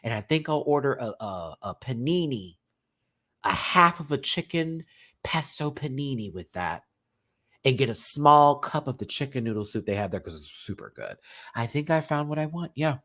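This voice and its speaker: A man's voice: medium pitch, very animated, moderate pace, a bit bright. Breathless, unwell man signing off a stream. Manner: affectionate, preachy, calls viewers baby and y'all. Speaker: drag show reviewer and live stream host. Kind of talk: casual live stream sign-off.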